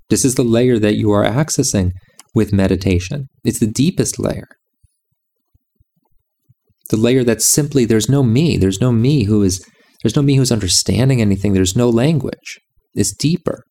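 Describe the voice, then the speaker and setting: A man's voice: on the low side, moderate pace, warm tone. A man giving a reflective monologue about music and meditation, insistent and repeating his phrases.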